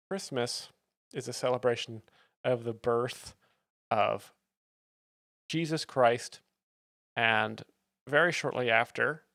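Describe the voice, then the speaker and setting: A man giving deadpan, mock-serious commentary as a comedy stream host, with plenty of fillers. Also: medium pitch, vocal fry, dry recording, clean studio sound.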